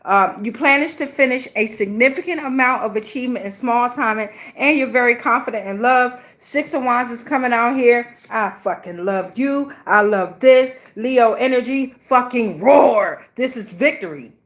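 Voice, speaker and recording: A woman's voice: a little high, normal speed, few pauses, fairly bright tone. Profane, fired-up woman tarot reader. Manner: blunt, profane, emotional, slangy. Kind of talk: casual tarot reading.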